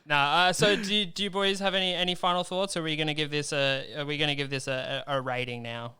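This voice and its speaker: Hyped guy talking anime on a podcast, very clear bright voice, a bit high. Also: steady tone, quick pace. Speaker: podcast co-host. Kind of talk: casual anime chat.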